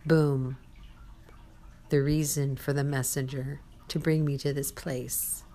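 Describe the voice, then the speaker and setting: A woman's voice: a bass voice, little pitch movement, slow pace, warm tone, a little hiss or hum. A woman giving a sermon-style testimony, telling a personal story with quoted dialogue and speaking to the listener.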